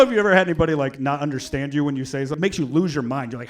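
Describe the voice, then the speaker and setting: A male stand-up comedian tells stories into a handheld mic on a club stage. His voice sits fairly high and swings widely in pitch, and the room is loud with audience laughter and background noise. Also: racing, hardly any pauses. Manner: animated storytelling, acts out shouted quotes, swears. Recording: live club audio with crowd laughter and noise.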